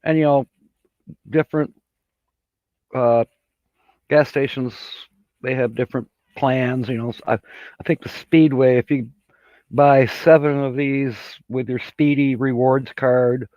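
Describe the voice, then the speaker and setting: A man's voice: mid-range voice, fairly even intonation, slow, long pauses, no room sound, lo-fi sound. A man hosting a casual livestream chat, rambling in a folksy way and laughing at his own jokes. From Michigan. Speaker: livestream host.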